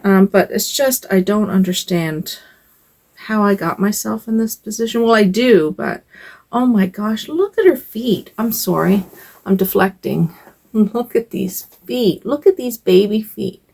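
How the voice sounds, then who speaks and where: A woman's voice: mid-range voice, expressive, measured pace, creaky, darkish tone. An older woman vlogging from home in a rambling, hesitant casual chat, with sighs and fillers.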